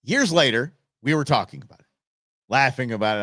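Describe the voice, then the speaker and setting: Male host, casual live chat, animated swings, dry mic. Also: mid-range voice, brisk, pauses often, husky, no echo. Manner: animated storytelling, folksy with y'all. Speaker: father. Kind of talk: live show reaction and chat.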